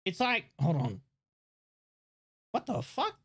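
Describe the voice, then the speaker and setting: A man streaming live, chatting excitably, swearing and rambling with restarts into a desk microphone. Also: sits high, slow, husky. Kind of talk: casual live-stream chat.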